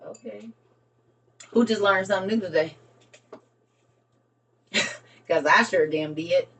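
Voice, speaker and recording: A woman, chatting casually with her live stream viewers and talking to them as y'all. She gets excitable, breaks into laughter and has a young son. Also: mid-range voice, slow pace, far from the mic. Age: adult with a young son.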